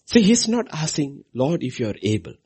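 A man delivering a sermon in a slightly husky voice. His pitch rises and falls widely as he drives his points home, repeating lines for weight. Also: very animated, moderate pace. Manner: preaching with big swings in pitch and loudness, repeating phrases for emphasis. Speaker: preacher.

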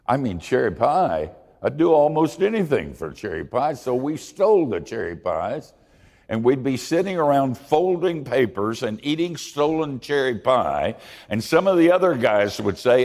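A man's voice: medium pitch, big pitch swings, a little slow, darkish tone, big-room sound. A man preaching a sermon in a folksy, humorous and confessional way, telling stories from his own life. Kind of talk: sermon with storytelling.

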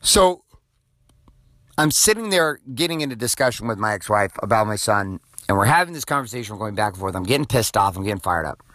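A man's voice: lowish voice, animated, brisk, fairly bright tone, no echo. A man in his forties, the host, giving an off-the-cuff motivational monologue in an intense, profane way, full of "like". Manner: profane, intense, filler-heavy. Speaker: podcast host.

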